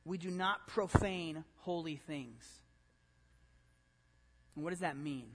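A man pastor giving a conversational, animated sermon, full of rhetorical questions. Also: fairly high pitch, takes it slowly, big-room sound.

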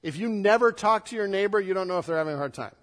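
A man, a pastor, preaching a sermon, swinging between loud emphatic stress and soft, hushed passages. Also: high-pitched, lively intonation, very fast, long reverb tail.

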